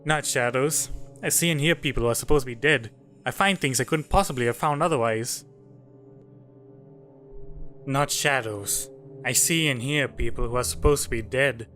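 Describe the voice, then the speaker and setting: A man's voice: medium pitch, moderate pace, long pauses, a bit bright, lightly acted. A man voicing a young woman detective in his own plain voice, reading her lines in a hesitant way, with faint game music behind. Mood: unsure.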